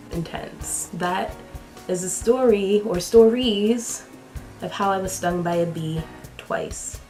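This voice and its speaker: A woman vlogger telling a storytime with animated, chatty delivery, full of fillers, acting out the people in it. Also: fairly low pitch. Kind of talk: storytime vlog.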